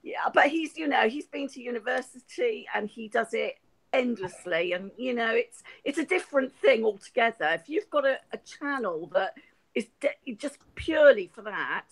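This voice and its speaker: A woman's voice: on the high side, animated, moderate pace, creaky, rough recording. A middle-aged woman from Hampshire with a posh southern English accent. She chats on a video call in a rambling way, laughs a lot and swears freely. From Hampshire, England. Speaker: guest. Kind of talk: casual live-chat conversation.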